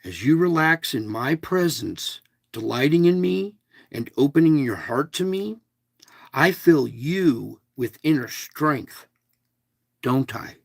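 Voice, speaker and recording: A man with a slightly high, gravelly voice reads a devotional at an unhurried pace. He breaks off into casual, chatty asides and leans hard on single words. The sound is dry and close. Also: animated, no room sound. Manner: emphatic, stresses single words. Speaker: online devotional host. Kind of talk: reading a devotional aloud with asides.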